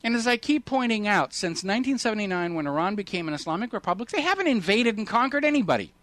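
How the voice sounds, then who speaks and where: Male talk radio host, fairly high voice, dry close sound, sarcastic and indignant. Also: sing-song, fast talker, a bit bright, no room sound. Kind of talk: political talk radio commentary.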